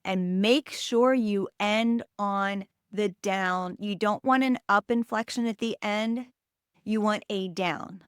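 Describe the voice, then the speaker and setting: A woman's voice: mid-range voice, slow pace, clear, resonant tone, dry recording, clean studio sound. A woman hosting a podcast, coaching listeners in an emphatic, direct way.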